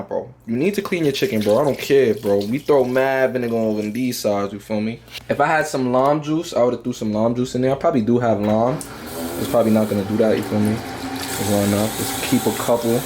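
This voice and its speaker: A young man cooking in his home kitchen and talking to viewers, quick and slangy, often asking "you feel me". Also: mid-range voice, darkish tone, slight background noise. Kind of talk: casual cooking vlog.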